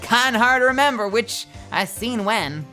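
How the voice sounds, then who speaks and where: A woman's voice: on the high side, expressive, normal speed, close to an everyday voice. A woman voicing a brash, folksy Southern woman photographer with a thick drawl, as music plays behind. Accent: American Southern.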